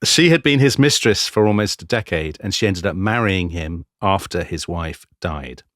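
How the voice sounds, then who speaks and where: A low-voiced man co-hosts a history podcast with dry, wry humour. His deep pitch still moves a lot through each sentence, and the sound is close and dry, as if in a studio. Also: lively intonation, moderate pace, a bit bright, no room sound. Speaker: podcast co-host.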